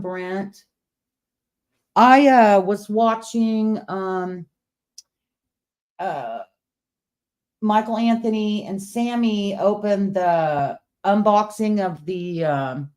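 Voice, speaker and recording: A woman with a medium-pitched, somewhat dark voice hosts a casual late-night livestream. She chats with viewers and reads their comments aloud, sometimes whispering, and her speech is slightly impeded by new partial teeth.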